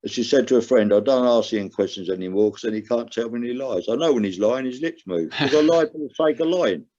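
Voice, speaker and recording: A man's voice: mid-range voice, fast, mellow. An older man with an earnest, emotional way of talking, telling his own story as a podcast guest. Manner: earnest, emotional, rises sharply when stressing a point. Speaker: guest, recovering gambler. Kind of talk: candid personal storytelling. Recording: dull lo-fi sound.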